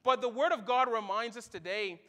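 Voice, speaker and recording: A man's voice: extremely high pitch, moderate pace. A middle-aged man preaching a sermon as a pastor, telling stories and acting out the quoted voices in them. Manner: animated storytelling, acts out quoted voices.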